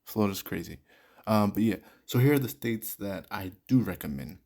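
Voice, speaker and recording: A man's voice: fairly low pitch, animated, moderate pace, darkish tone. A man hosting a podcast, giving blunt, candid advice straight to his listeners in a casual monologue. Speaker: podcast host.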